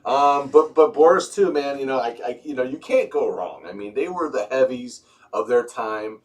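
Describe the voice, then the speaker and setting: A man co-hosting a casual chat, talking in a playful, animated way that often trails off and restarts. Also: medium pitch, normal speed, distant mic. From United States. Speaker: co-host.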